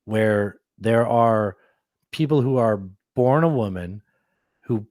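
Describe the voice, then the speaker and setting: A man's voice: fairly low pitch, slow pace, darkish tone, no room sound, clean studio sound. A man co-hosting a podcast, reacting to clips in casual chat with a riled-up, sarcastic manner and lots of restarts. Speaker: podcast co-host.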